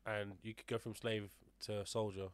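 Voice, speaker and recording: A man co-hosting a casual podcast chat, relaxed and jokey, musing aloud. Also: fairly low pitch, normal speed, clean tone. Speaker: podcast co-host.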